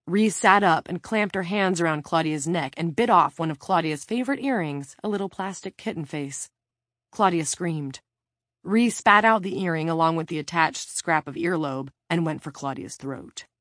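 Woman audiobook narrator, very low voice, dry close sound, measured reading. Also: no room sound. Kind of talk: scripted narration.

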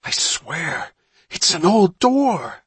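Guy doing a cocky big-brother kid, higher voice, hissy whispers, a bit husky. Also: lively intonation, moderate pace, no room sound. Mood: excited whisper. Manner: hushed, eager, urging. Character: bold boy, older brother, treasure-hungry.

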